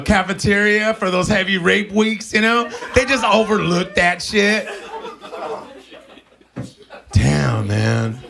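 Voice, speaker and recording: A man's voice: high-pitched, gravelly, bright, forceful tone. A man in his forties doing a live stand-up set. He rambles crudely, stammers through restarts and laughs at his own jokes. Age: 40s. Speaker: stand-up comedian. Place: live comedy venue with audience. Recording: live crowd laughter behind.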